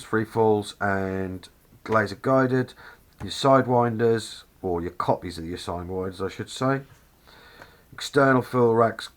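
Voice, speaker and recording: A man with a Norfolk accent and a fairly low voice, talking through a model kit in a loose, chatty way. He gushes with enthusiasm, wanders a little and keeps correcting himself mid-sentence. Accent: Norfolk English. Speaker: scale model kit reviewer. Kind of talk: casual review walkthrough.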